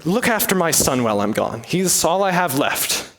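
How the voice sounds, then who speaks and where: A young man performing a one-man comedy play, with a hammy, exaggerated delivery and sudden pitch swings. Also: very animated, normal speed, a bit bright. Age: young adult. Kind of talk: theatrical one-man comedy, many voices.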